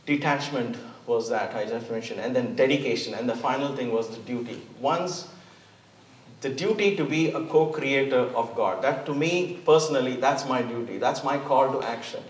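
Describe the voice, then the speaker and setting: A man's voice: medium pitch, moderate pace. A man giving an earnest, emphatic inspirational talk from a church stage, often repeating words. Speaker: guest speaker. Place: church hall. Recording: echoey hall, mic at a distance.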